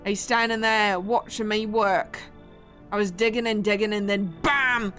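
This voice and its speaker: A woman voicing a weary male grave digger in a rough, folksy put-on British-sounding drawl, in a video game. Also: medium pitch, fairly even intonation, a little slow, a bit bright, soft background music, natural voice. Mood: spooked. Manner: rough folksy drawl, stumbling over words.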